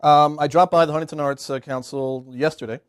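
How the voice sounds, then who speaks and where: A man chats casually as host, rambling and hesitant. His voice sits a little high. The recording is dry and close. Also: fairly even intonation, a little fast, smooth, no room sound. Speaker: show host. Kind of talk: casual talk to camera.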